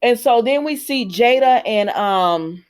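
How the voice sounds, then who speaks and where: A chatty woman with a fairly high, slow voice delivers a casual monologue recapping a soap. Her retelling is animated and sprinkled with asides to the audience.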